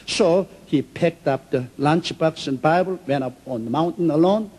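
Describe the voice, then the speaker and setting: A man's voice: on the high side, normal speed, few pauses, darkish tone, breathy edge, poor audio. A man preaching a sermon, telling stories emphatically in simple, non-native English phrasing. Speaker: pastor.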